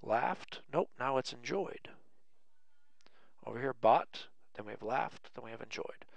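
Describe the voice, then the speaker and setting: A man teaching an English grammar lesson, slowly dictating example sentences word by word, with light self-mocking humor. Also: mid-range voice, lively intonation, creaky, no echo. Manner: slow, deliberate word-by-word dictation.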